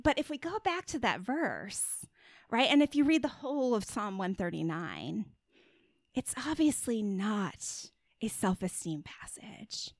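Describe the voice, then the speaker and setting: A middle-aged woman with a slightly high voice talks as a guest on a casual podcast. She is chatty and earnest and scatters fillers and tag questions through her sentences. The recording is dry, with no room sound around her. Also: animated, moderate pace, no room sound. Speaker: guest author and Christian body image coach.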